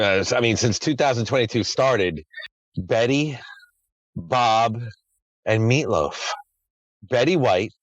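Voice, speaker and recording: A man's voice: on the low side, no room sound, dull audio. A man hosting a podcast in a casual chat, rambling and swearing freely. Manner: crude, profane, rambling. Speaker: podcast host.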